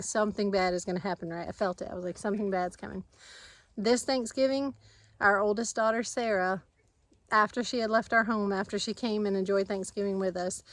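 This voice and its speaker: A woman's voice: medium pitch, rough recording. Chatty woman vlogging outdoors. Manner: chatty, rambling, laughs easily. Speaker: family farm vlogger. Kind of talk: casual chat to camera. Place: outdoors in a garden yard.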